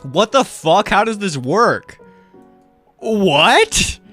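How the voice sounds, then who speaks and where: A young man streaming casually, swearing and laughing in excitable chat. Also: sits high, very slow, no echo, faint music behind.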